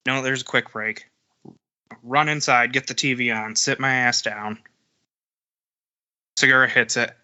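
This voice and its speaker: A man co-hosting a sports podcast, recounting games in casual animated chat. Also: mid-range voice, unhurried, long pauses, clean tone. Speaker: podcast co-host.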